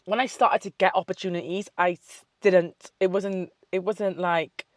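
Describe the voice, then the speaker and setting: A woman's voice: lowish voice, steady tone, moderate pace, no room sound. A young woman talks straight to camera in a loose, chatty vlog style. She swears freely and drifts into tangents. The sound is dry and close. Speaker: vlogger. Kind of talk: casual chat.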